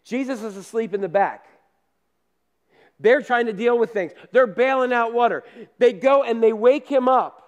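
Man, pastor, high-pitched voice, chatty sermon, plainspoken asides, loud then hushed. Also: moderate pace, muffled recording. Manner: conversational storytelling with down-to-earth asides.

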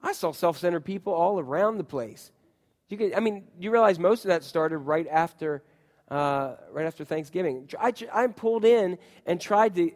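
A man in his forties preaching a sermon, telling stories to his congregation in a lively, conversational way. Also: high voice. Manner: storytelling, animated, conversational with congregation. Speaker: pastor. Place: church sanctuary. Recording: long reverb of a hall.

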